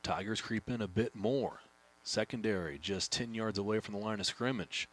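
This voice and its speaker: A man with a low voice calls play-by-play at a high school football game. He keeps a steady, even delivery and picks up speed when a big play breaks. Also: normal speed. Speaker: play-by-play announcer. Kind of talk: play-by-play commentary.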